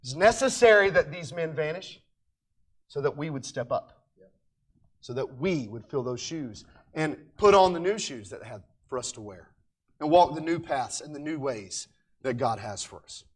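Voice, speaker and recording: Emphatic high-voiced male Bible teacher. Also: animated, husky. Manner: emphatic, swinging between loud declarations and quiet asides; slows down to stress key words.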